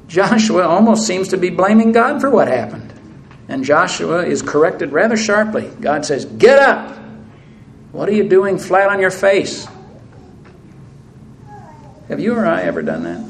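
Man, preacher, sermon, earnest, reads scripture aloud, fairly high voice, faint hiss. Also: rough recording.

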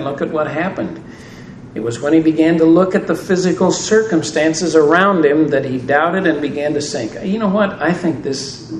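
Here a man with a fairly high-pitched voice gives a sermon on scripture, casual in tone and wry in humor. The recording has a faint hum, distant mic placement, reverberant room sound and quiet ambience.

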